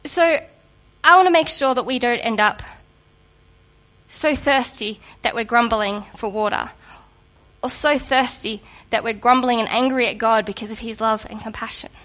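Higher-voiced woman preaching casually. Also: normal speed. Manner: lively, conversational and humorous. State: recovering from a cold. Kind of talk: sermon.

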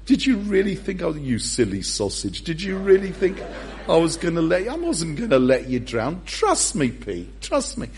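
A man voicing a gentle, fond Jesus who teases and reassures a friend in a soft, coaxing way. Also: a little high, wildly swooping pitch, moderate pace. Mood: tender.

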